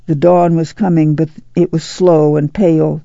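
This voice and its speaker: Woman reading an audiobook, low gravelly voice, kinda muffled lo-fi. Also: level tone, normal speed, mellow, no room sound. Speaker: audiobook narrator. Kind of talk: audiobook narration.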